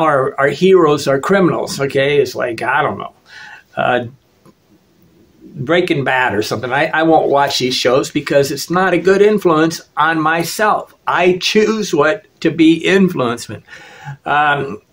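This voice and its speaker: A man's voice: a little high, fairly bright tone. A man from the United States talking in a casual monologue as a travel vlogger. He is opinionated and rambling, restarts often and keeps checking in with "okay?".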